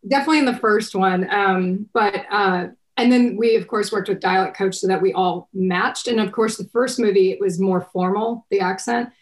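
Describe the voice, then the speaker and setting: A woman's voice: medium pitch, normal speed, hardly any pauses. A middle-aged woman from Texas, an actress chatting casually in an interview, rambling with many restarts and fillers. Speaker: actress guest.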